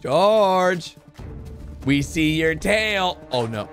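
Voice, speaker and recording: A man hosting a reaction video, excitedly commenting and cheering characters on with loud exclamations. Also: fairly high pitch, drawn-out words. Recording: music playing under the voice.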